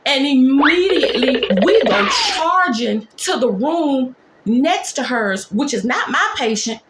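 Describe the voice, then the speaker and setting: A woman nurse telling a dramatic workplace story in a storytime vlog, talking in quick, animated bursts. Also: high voice, echoey room, heavy background noise.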